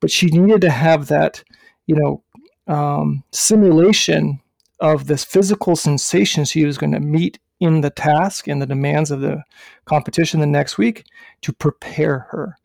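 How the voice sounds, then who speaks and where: Raspy high-pitched man telling a story. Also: unhurried, dry recording. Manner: animated, swears, punchy filler words. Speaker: podcast co-host and running coach. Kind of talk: casual storytelling.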